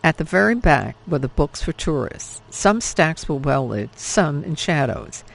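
Gravelly man reading an audiobook. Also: on the high side, sing-song, unhurried, a bit bright, poor audio. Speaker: audiobook narrator. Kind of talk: scripted audiobook narration.

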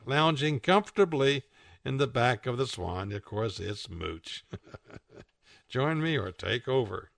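A man's voice: fairly high pitch, no echo. A man hosting a radio show, casually describing comic strips aloud and laughing at the jokes. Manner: relaxed, chatty, laughs at the jokes.

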